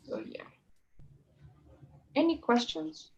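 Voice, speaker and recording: A woman's voice: sits high, slow pace, creaky, warm tone, lo-fi sound, a little hiss or hum. A woman teaching a one-on-one English lesson, explaining in a chatty way and often checking with "right?" and "you know?".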